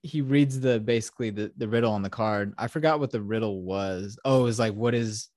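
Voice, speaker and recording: A man's voice: lowish voice, fairly quick, darkish tone, no room sound, clean studio sound. A man hosting a podcast, casually retelling a movie in a rambling, profane way full of fillers. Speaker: podcast host.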